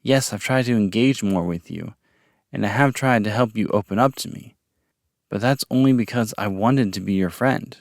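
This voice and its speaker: A man's voice: fairly low pitch, moderate pace, gravelly, no room sound, clean studio sound. A man voicing an earnest young male captive who speaks carefully and sincerely as he tries to befriend his captor.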